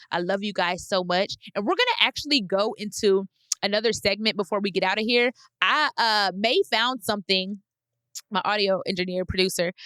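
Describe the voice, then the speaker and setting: A podcast host in her thirties, American, speaks in a mid-range, somewhat bright voice with no room sound. Her casual monologue is full of blunt, emphatic advice, with phrases repeated to add weight.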